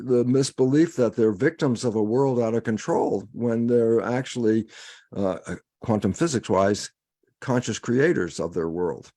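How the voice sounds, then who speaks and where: A man speaking as a guest in a discussion, animated and conversational, chuckling between points. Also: medium pitch.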